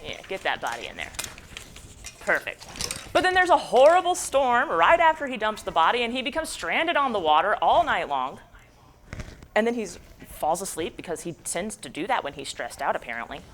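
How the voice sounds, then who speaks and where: A woman's voice: medium pitch, big pitch swings, normal speed, a bit bright, slight background noise. A young adult woman giving a jokey, slangy, casual book summary as a book club presenter.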